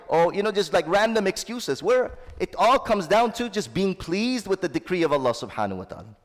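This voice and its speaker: A man's voice: high-pitched, very animated, fairly quick, few pauses. A man giving a sermon as an Islamic teacher. He recites Arabic and translates it line by line, and he calls his listeners brothers and sisters. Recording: long hall reverb.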